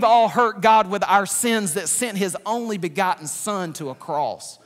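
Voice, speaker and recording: A man preaching a sermon in a church, animated and joking, with loud outbursts. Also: sits high, a little slow, faint music behind. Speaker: pastor. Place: large church sanctuary. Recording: reverberant church hall.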